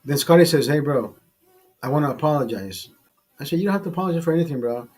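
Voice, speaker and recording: Husky man telling a rambling bar story. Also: fairly high pitch, lively intonation, fast, a little mellow. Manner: profane, rambling anecdote with many restarts. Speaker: host. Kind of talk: casual storytelling.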